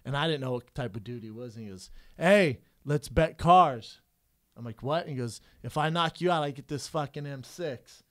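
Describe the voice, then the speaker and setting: A man co-hosting a casual podcast chat. His voice sits at an ordinary middle pitch. He tells profane, animated stories and acts out the quotes as he goes. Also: fast, hardly any pauses. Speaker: podcast co-host and former pro fighter.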